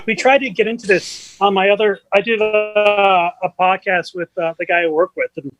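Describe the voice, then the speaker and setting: A man guesting on a podcast, talking in halting, self-deprecating casual chat, often repeating words. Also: sits high, steady tone, low-quality recording.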